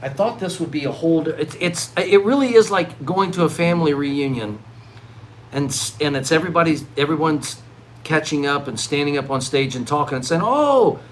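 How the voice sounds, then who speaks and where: Middle-aged guy ranting on a livestream, kinda high voice, gets loud then mumbles, faint hiss behind. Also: fairly quick, poor audio. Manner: excitable, swings between loud outbursts and low mutters. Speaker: livestreaming vlogger. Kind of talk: rambling live-stream monologue.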